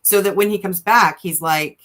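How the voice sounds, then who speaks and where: A woman writer appears as a guest on a podcast, speaking fast and thinking aloud in a casual, filler-heavy conversation. Her voice sits at a medium pitch.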